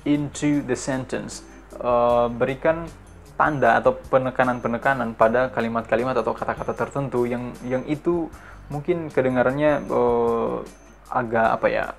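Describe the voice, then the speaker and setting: A man's voice: mid-range voice, moderate pace, gravelly, faint music behind. A man with an Indonesian accent teaching an English lesson, explaining each point twice by switching languages, with many fillers.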